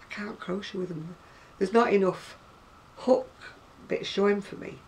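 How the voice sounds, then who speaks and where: A woman's voice: mid-range voice, fairly even intonation, measured pace, a little mellow, recorded from a distance, a little hiss or hum. A woman in her sixties with a northern English accent, chatting casually and rambling to camera about her crafts, often laughing. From North West England. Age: 60s. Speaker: craft seller.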